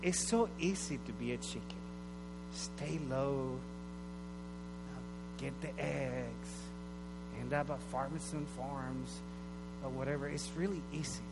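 A man's voice: mid-range voice, slow pace, gravelly, long pauses. A man giving a conversational, storytelling sermon. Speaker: pastor. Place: church hall. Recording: reverberant hall with mains hum.

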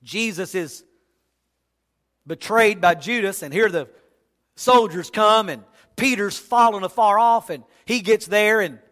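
Preacher guy, high bright voice, acts out the story, big echoey church. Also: measured pace. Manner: animated storytelling, acting out voices, folksy humor. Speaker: pastor. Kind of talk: sermon. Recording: long hall reverb.

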